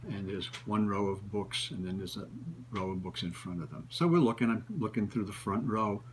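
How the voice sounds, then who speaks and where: A man's voice: lowish voice, normal speed, a little hiss or hum, rough recording. A man, a book collector, telling stories in a rambling casual way, often repeating and restarting phrases. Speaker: book collector and show regular. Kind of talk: casual storytelling.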